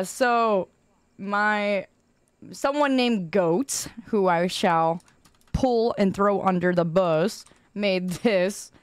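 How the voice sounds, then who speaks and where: With a clear, resonant mid-range voice and no echo, a woman streamer chats loosely with her audience while gaming. She's playful and rambling, laughing often and making fun of herself.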